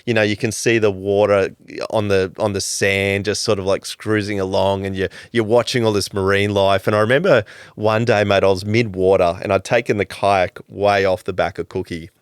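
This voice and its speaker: A man, telling stories as a podcast guest in a lively, casual way, swearing freely and calling people "mate". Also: fairly low pitch, moderate pace, clean tone, no room sound, studio quality. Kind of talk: casual storytelling chat.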